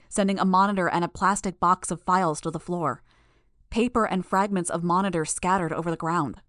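A woman reading a first-person action novel as an audiobook in a steady, measured way. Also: on the low side, no echo, studio quality. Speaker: audiobook narrator.

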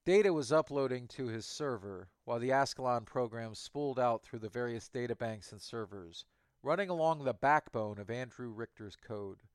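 A man reads an audiobook in a steady, even voice at a moderate pace. His voice sits in the mid range, and there's no echo.

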